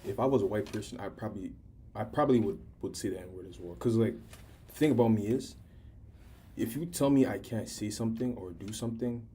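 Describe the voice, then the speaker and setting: A man's voice: lowish voice, brisk, mellow, slightly rough. A teenage guy in casual chat, talking candidly and rambling with frequent restarts. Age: teens.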